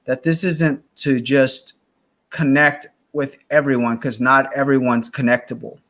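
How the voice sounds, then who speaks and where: A man's voice: medium pitch, little pitch movement, unhurried, fairly bright tone. A man hosting an interview, reflecting thoughtfully, with frequent restarts and repeated words. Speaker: host. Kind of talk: casual faith interview.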